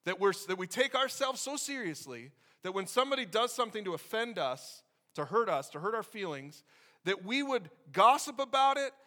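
A middle-aged male pastor delivers a sermon in a lively, conversational way. His voice sits high and sounds bright and forceful. He talks to the congregation directly and bursts into loud exclamations now and then. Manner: energetic, conversational preaching with sudden loud outbursts.

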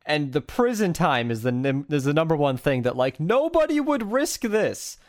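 A man chatting casually as a podcast co-host, rambling and animated, laughing often and swearing. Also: a little high, normal speed. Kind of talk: casual chat.

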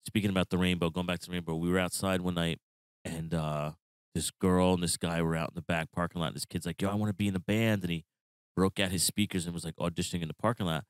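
Low-voiced animated New storyteller man. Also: fast talker, clean tone, no echo. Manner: animated, swearing, slangy storyteller. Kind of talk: casual storytelling chat.

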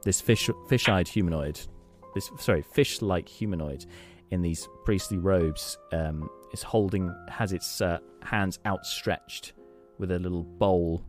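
A man's voice: low-pitched, a little slow, few pauses, faint music behind. A man narrating as game master in a tabletop role-playing session, casual with many fillers.

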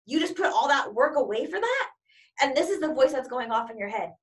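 Brief: woman motivational coach, fairly high voice, emphatic and repetitive, mic set a little back. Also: very animated, fairly quick, far from the mic. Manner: emphatic and repetitive, piling up examples. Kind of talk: motivational talk.

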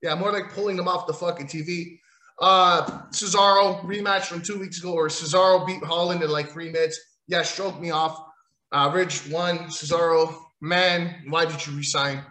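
Man, high-pitched, crude rambling recap, mocking rants, roomy echo. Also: steady tone, moderate pace, bright, forceful tone. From Italian heritage. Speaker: wrestling commentator. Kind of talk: profane casual wrestling recap.

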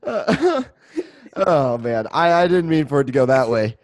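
A young man co-hosting a casual chat show, animated and jokey, laughing often. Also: fairly high pitch, a little slow, dry recording, studio quality. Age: young adult. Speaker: podcast co-host.

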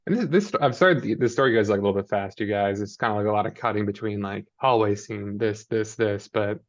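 A man's voice: fairly low pitch, quick pace, highs cut off. A man casually recapping a TV episode with a co-host, rambling and quoting characters in mock voices. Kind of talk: casual chat.

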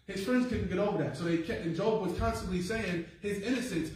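A man's voice: high voice, quick pace, few pauses. A man preaching a sermon in a church, in a conversational style with call-and-response and rising emphasis. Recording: echoey room, mic far off.

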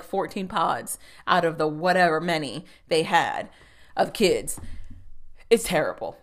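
A woman in the middle of her vocal range talks through a TV episode in a loose, conversational way. She is blunt and opinionated, drops swear words freely and laughs as she retells scenes. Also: medium pitch. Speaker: TV show recap host. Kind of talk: casual episode recap.

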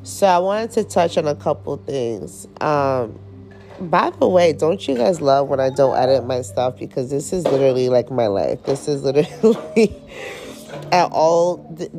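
A woman's voice: deep voice, expressive, a little slow, dark tone, soft background music. A woman hosting a podcast in casual, unedited chat, talking candidly with slang and free swearing. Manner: candid, slangy, swears freely, rambling storyteller. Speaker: podcast host.

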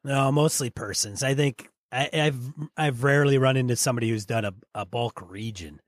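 A man with a Midwestern American accent, a podcast co-host chatting casually and in a measured way about tabletop role-play. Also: medium pitch, no room sound, clean studio sound.

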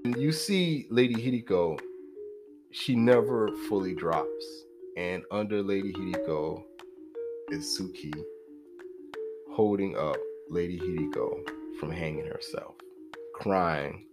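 A man's voice: fairly low pitch, measured pace. Profane rambling man recapping a film. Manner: rambling, profane, full of "like" and "you know"; acts out characters' lines mid-story. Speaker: film reviewer. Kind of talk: casual movie recap. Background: music underneath.

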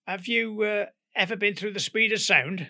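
A brash young Cockney navy pilot, all swagger and cheerful orders, put on by an older man telling a story. He rattles along breezy and bossy, pitched well above the storyteller's own voice, with a bright, gravelly edge. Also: normal speed, full character voice.

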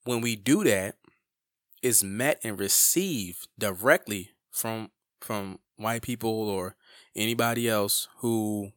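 A man's voice: lowish voice, a bit bright, no echo, clean studio sound. A man, a community advocate, telling a personal story in a passionate, emphatic way, often restarting his sentences.

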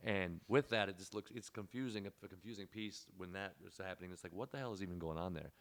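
A deep-voiced man spins a rambling story over a podcast mic. His low voice has a gravelly fry, and he talks quickly and loosely, with filler words everywhere. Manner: rambling, laid-back storyteller with lots of fillers. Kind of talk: casual storytelling chat.

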